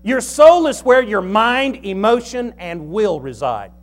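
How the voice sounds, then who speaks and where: A man preaching a sermon as pastor, folksy and joking, quizzing the congregation and slowing down to stress key lines. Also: sits high, big pitch swings.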